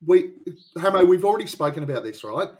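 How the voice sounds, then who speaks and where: A man's voice: high voice, lively intonation, quick pace, darkish tone. An Australian man hosting a podcast, laughing and swearing through casual banter. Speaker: podcast host. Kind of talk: casual chat.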